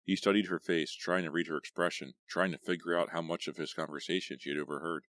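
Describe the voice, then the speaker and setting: A man reading a horror audiobook in a measured, steady way. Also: low voice, no room sound, studio quality. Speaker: audiobook narrator. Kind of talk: scripted horror audiobook narration.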